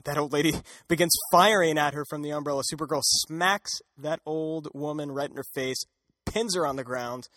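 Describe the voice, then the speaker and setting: A man's voice: on the high side, moderate pace, a bit bright, no echo, studio quality. A man co-hosting a podcast, recapping a comic with a laugh and acting out quotes. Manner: laughing, playful, acts out quotes. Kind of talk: casual comedic chat.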